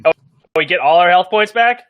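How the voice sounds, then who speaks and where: High-voiced chatty player, dry sound. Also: male voice, fairly quick, dry recording, highs cut off. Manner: chatty, joking, hesitant questions. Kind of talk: casual chat at a gaming table.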